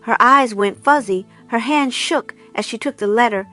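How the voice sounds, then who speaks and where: A woman narrating a storybook aloud in a calm, even storytelling manner. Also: fairly high pitch, moderate pace, faint music behind. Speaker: reader. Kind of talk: audiobook narration.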